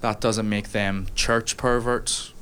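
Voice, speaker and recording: A young man from Northern Ireland with a Northern Irish accent, doing a stand-up comedy set with quick, self-mocking punchlines. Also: fairly low pitch, flat delivery. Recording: noisy live comedy room.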